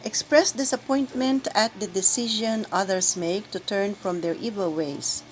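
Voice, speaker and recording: A woman guiding church lectors through the Sunday readings, speaking in a slow, deliberate, carefully enunciated way. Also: mid-range voice, a little hiss or hum, rough recording. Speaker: lector trainer. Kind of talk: instructional reading guide.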